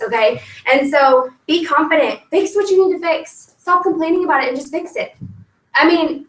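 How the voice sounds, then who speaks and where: Energetic high-voiced woman coaching sellers. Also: recorded from a distance. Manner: energetic, coaching, acts out scripts. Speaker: sales team leader. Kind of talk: motivational sales training talk. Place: meeting room with a group. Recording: echoey room, voice from off-mic.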